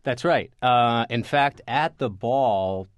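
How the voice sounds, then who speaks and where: A man, a newspaper reporter, telling anecdotes in a relaxed interview, full of restarts, fillers and repeated words. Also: mid-range voice, takes it slowly, no room sound. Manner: rambling, many restarts and fillers. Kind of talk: conversational interview storytelling.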